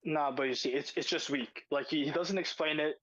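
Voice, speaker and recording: A man's voice: a little high, a little fast, a bit bright, dull audio. A man hosting a casual podcast chat, arguing emphatically and repeating his points as he reacts to a video. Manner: argumentative, emphatic, repeats phrases. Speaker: podcast host.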